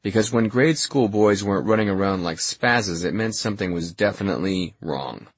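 A man narrating an audiobook in a measured, wry storytelling manner. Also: lowish voice, no room sound. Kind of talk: scripted narration.

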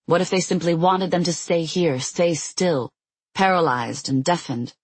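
An audiobook narrator reading a fantasy novel in a steady, measured storytelling voice on a close mic. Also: medium pitch, slightly rough, no room sound, poor audio.

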